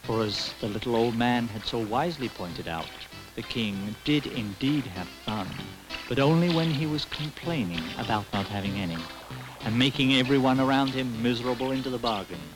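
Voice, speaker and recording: Lively, wry storybook narrator, man. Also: medium pitch, normal speed, low-quality recording. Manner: expressive, wry, storyteller's asides. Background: background music.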